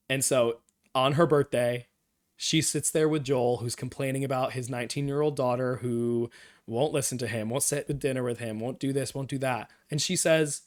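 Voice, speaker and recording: A man's voice: mid-range voice, moderate pace. Chatty man recapping a show. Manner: enthusiastic, rambling recap with quoted lines. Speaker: streamer. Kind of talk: casual show discussion.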